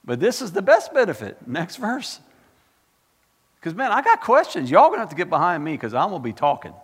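A man preaching a sermon. He swings from loud exclaiming to hushed asides and keeps putting questions to the congregation. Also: fairly high pitch, sing-song, quick pace, slightly rough. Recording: long hall reverb.

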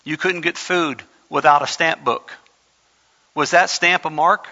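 A man's voice: on the high side, a little slow, sharp tone, long reverb tail, lo-fi sound. A male pastor preaching a conversational sermon that rises to impassioned emphasis.

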